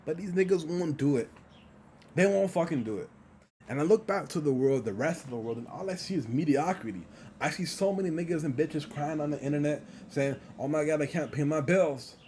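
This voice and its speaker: A man's voice: fairly high pitch, animated, brisk, warm tone, a little hiss or hum. A young man in a blunt, heated motivational rant on his vlog, swearing constantly and repeating himself for emphasis. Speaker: vlogger.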